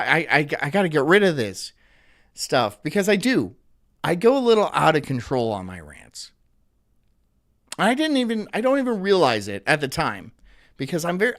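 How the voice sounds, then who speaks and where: A man hosting a livestream, ranting profanely and animatedly about news clips. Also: on the high side. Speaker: livestream host.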